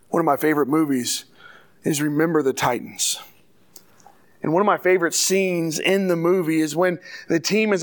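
A man's voice: fairly high pitch, fairly bright tone. A pastor preaching a sermon to his church, earnest and full of rhetorical questions.

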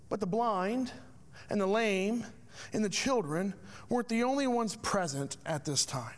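High-voiced man preaching a sermon. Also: lively intonation, unhurried. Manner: rhetorical questions, emphatic preaching. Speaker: pastor.

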